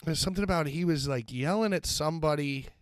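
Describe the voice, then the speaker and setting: A man's voice: on the high side, fast talker, no room sound. A man co-hosting a wrestling podcast, rambling and laughing through casual banter. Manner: rambling, laughing, trails off mid-sentence.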